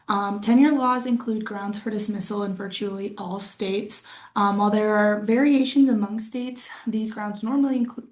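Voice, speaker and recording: A woman's voice: medium pitch, a little mellow. A woman student reading a class presentation from notes, with frequent fillers and restarts.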